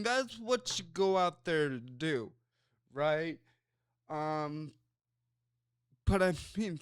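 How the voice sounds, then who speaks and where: A man's voice: fairly high pitch, fairly bright tone, clear, resonant tone, no echo, studio quality. A man with a Chicago accent hosting a sports talk show, rambling loosely with plenty of fillers and asides. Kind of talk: casual sports commentary chat.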